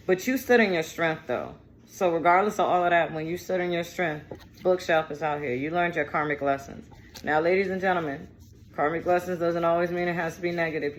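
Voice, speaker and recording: A woman's voice: low voice, slight background noise. A woman giving a casual tarot reading, chatty and digressive, with slang and profanity. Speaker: tarot reader.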